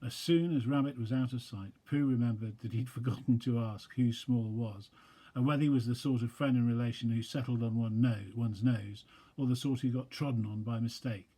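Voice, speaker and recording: A man, a pastor, reading a children's storybook aloud with gentle, chatty asides to young listeners. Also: mid-range voice, steady tone, a little fast.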